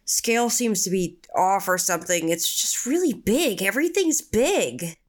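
A woman reading a session transcript aloud, describing things in a halting, searching way with many fillers. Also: mid-range voice, lively intonation.

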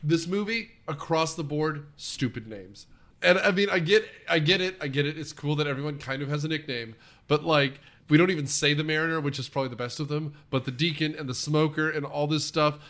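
A man co-hosting a casual movie-review chat, rambling with lots of fillers and quick laughs. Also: fairly high pitch, a bit bright. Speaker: podcast co-host.

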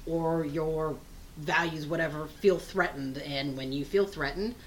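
A woman with a lowish voice co-hosts a podcast, talking in an animated, emphatic way and swearing casually. The room gives her voice a noticeable echo, and a faint background hum runs underneath. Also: unhurried. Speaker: podcast co-host. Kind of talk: casual conversational chat.

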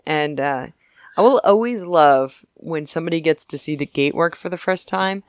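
Giggly rambling woman, smooth dry voice. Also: sits low, no room sound. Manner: giggly, rambling, puts on quick character voices. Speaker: podcast co-host. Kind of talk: casual chat recapping a TV episode.

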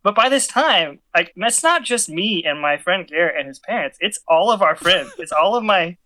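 A man's voice: high-pitched, expressive, moderate pace, bright, forceful tone. A man in casual chat, telling a story animatedly with many fillers and restarts.

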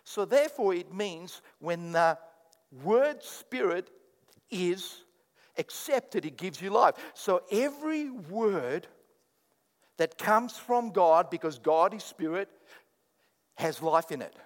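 A man preaching a sermon as pastor, swinging from quiet asides to loud, animated bursts and mock prayers. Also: high-pitched, slow, in a large hall.

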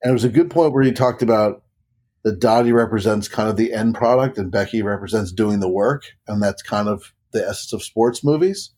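A man's voice: lowish voice, a little fast, warm tone, husky. A man in a casual podcast chat, thinking aloud hesitantly as he makes a pick.

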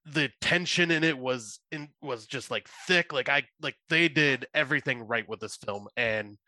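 A man co-hosting a podcast, telling animated stories and acting out quotes in casual chat. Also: mid-range voice, moderate pace, dry recording. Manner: animated storytelling, acts out quotes. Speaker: podcast co-host.

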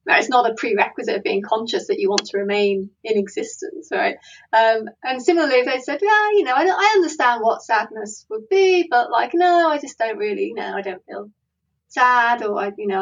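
Woman panelist, husky, slightly high, animated, heard set back from the mic. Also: far from the mic, muffled recording. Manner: lively, animated, laughs often, quotes imagined voices. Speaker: philosophy panelist. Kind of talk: casual academic discussion.

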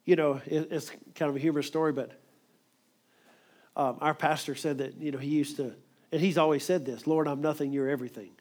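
Guy preaching fast and emphatic, voice sits a bit high, acts out other people's lines. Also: fairly even intonation, a little mellow. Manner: emphatic, acts out quoted voices, quick delivery. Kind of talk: sermon.

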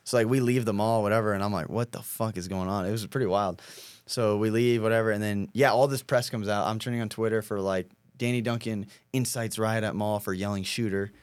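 A man's voice: fairly low pitch, fairly even intonation, brisk, smooth, dry recording. A young man in casual chat, rambling with lots of fillers and swearing. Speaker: podcast guest, prankster.

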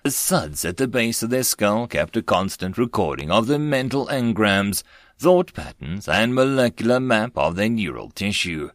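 A man narrating a web-novel audiobook in an expressive storytelling manner, close to the mic. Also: on the low side, normal speed, no echo.

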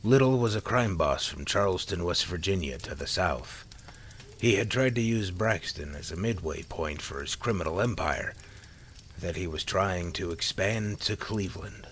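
A man narrating a story in a calm, measured reading voice. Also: low-pitched, a little hiss or hum.

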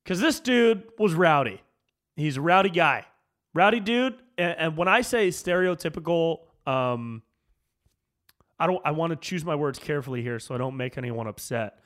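Profane, rambling comedian ranting. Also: male voice, a little high, expressive, normal speed, fairly bright tone. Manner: loose and profane, peppered with "dude", jumps between mumbling and fired-up. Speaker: comedian and podcast host. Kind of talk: casual ranting monologue.

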